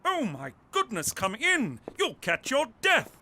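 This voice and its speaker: Brief: prissy rule-listing cartoon host, high and very sing-song. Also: male voice, wildly swooping pitch, noisy background, exaggerated voice. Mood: prim. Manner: prissy, fastidious. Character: fussy, prim male host laying down house rules.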